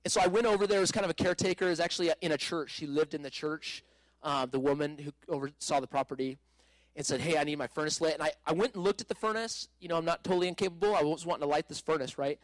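Man, higher voice, dry close sound, animated casual testimony with laughs and restarts. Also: quick pace, dry recording, poor audio. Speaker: speaker telling a personal testimony.

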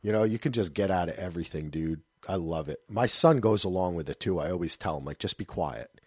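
A man's voice: low voice, a little fast, husky, no room sound. Rambling podcast host man, dry close sound. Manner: loose, rambling, breaks into animated voices for anecdotes. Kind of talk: casual podcast chat.

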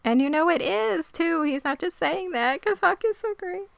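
A woman's voice: extremely high pitch, expressive, normal speed, vocal fry. A woman co-hosting a podcast, recapping a TV episode in casual chat, enthusiastic and emphatic with frequent laughs. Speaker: podcast co-host.

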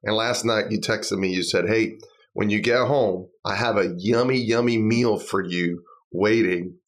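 A man's voice: lowish voice, steady tone, measured pace. A man who sings in worship, a podcast guest speaking in an earnest, heartfelt, rambling way. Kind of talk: casual chat.

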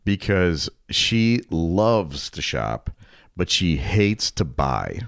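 A man's voice: low-pitched, sing-song, drawn-out words, creaky, a bit bright, clean tone, no room sound, clean studio sound. A man co-hosting a casual chat, easygoing and agreeable. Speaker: podcast co-host.

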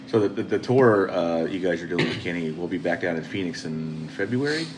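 A man's voice: low-pitched, animated, a little fast. A man in his forties, hosting a casual interview in an upbeat, encouraging way. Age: 40s. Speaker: host. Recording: noisy recording.

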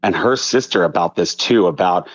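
In a dull, lo-fi recording, a thirtysomething man from the Philadelphia suburbs of Delaware County talks with a deep voice at a moderate pace. He's a choreographer and interview guest, animatedly spinning stories in relaxed conversation and frequently starting over mid-thought.

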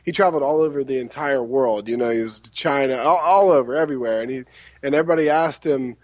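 A man in casual chat, relaxed, who laughs easily and tells short anecdotes. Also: mid-range voice, fast talker, no echo.

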